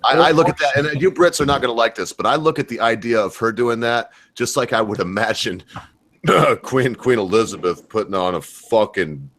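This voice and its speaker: A middle-aged man from the United States runs a casual online voice chat on a computer mic, speaking at normal speed in a mid-range, fairly bright voice. He tends to ramble, swears without restraint, and is heavily sarcastic.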